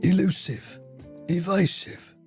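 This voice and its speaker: Joking British streamer. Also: male voice, sits high, fairly even intonation, dark tone. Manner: banter with chat, frequent swearing, quick jokes. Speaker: live streamer. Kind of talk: casual live-stream chat. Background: faint guitar music.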